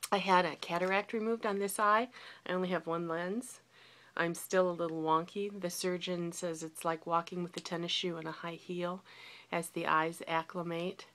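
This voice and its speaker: Candid woman with a bright, lowish voice. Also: fairly even intonation, moderate pace. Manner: candid, reflective, confessional. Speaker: vlogger. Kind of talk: personal video diary.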